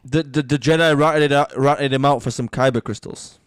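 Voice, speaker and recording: A man's voice: medium pitch, fairly even intonation, moderate pace. A man co-hosting a casual podcast, dropping dry quips and bits of trivia. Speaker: podcast co-host.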